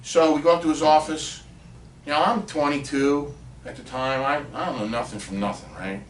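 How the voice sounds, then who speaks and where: A man in his fifties from Pennsylvania, a podcast guest, telling casual anecdotes in a lively way with the odd swear word. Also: on the high side, moderate pace, a little hiss or hum. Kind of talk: casual storytelling. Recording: roomy and distant from the mic.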